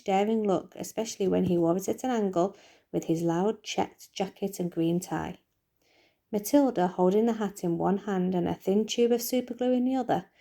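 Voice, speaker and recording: A woman teacher reading a children's book aloud in a lively, expressive way. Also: fairly low pitch, gravelly.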